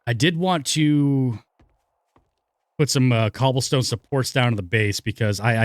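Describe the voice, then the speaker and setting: A man casually commentating his own gameplay, rambling and joking to himself with sudden excited whoops. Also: mid-range voice, no room sound. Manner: jokey, rambling, talks to himself and the game; lively swings from mumbles to excited whoops. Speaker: let's play gamer.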